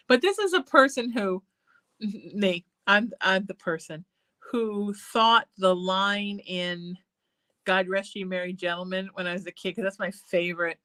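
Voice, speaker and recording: A woman hosting a live psychic show, chatting in a rambling way, laughing often and drifting into soft singing. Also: mid-range voice, dry recording. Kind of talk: casual live-stream chat.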